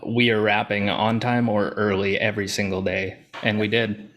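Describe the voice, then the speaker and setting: A man co-director in a casual group video chat, relaxed and amused in short remarks. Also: fairly low pitch, moderate pace.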